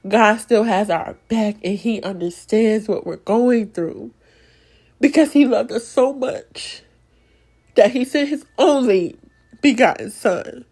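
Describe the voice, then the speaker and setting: Young woman, podcast host, devotional talk, emotional, encouraging, repetitive preacher cadence, slightly high voice. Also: slow, darkish tone, husky.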